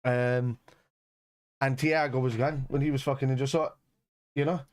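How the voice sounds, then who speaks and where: Man, casual co-host of a football watch-along, rambling, swears often, ordinary mid pitch. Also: steady tone, normal speed. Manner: rambling, swears a lot, many restarts.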